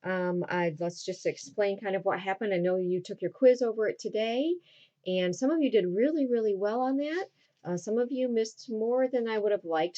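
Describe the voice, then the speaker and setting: A woman's voice: mid-range voice, darkish tone, highs cut off. Woman teacher giving a casual lesson recap. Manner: casual retelling with quick acted quotes. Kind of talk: recorded lesson recap for students.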